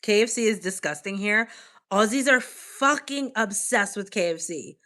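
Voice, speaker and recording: A young woman from the United States hosting a casual livestream, chatting with viewers in an animated way full of "like" fillers. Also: medium pitch, normal speed. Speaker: livestream host. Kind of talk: casual livestream chat, reacting to viewer comments.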